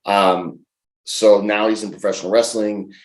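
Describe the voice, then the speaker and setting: A man in his forties, an interview guest, telling lively anecdotes in a casual way and acting out the quotes. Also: fairly low pitch, normal speed. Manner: lively anecdotal storyteller, laughs and acts out quotes. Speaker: professional wrestler, interview guest. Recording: roomy echo.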